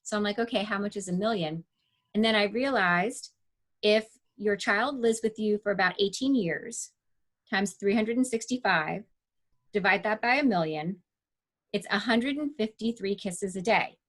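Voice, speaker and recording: A woman in her forties, a teacher and author as guest, telling stories in an animated way and acting out her own thoughts. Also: medium pitch, unhurried. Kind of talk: casual interview storytelling.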